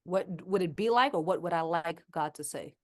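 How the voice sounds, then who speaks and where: New york woman rapper, blunt and sweary, animated casual chat. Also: fairly low pitch, fairly quick. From Queens, New York. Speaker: rapper and writer, guest.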